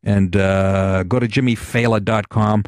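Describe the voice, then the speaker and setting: A middle-aged man hosting a podcast in casual chat, blunt and profane, talking in an animated way. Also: lowish voice, measured pace, no echo, clean studio sound. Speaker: podcast host.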